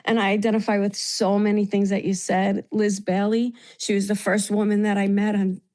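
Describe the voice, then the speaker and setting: Heartfelt New woman, mellow voice. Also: medium pitch, little pitch movement, normal speed. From New York. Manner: heartfelt, tearful at times, grateful. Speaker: meeting participant. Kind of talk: emotional sharing in a recovery meeting.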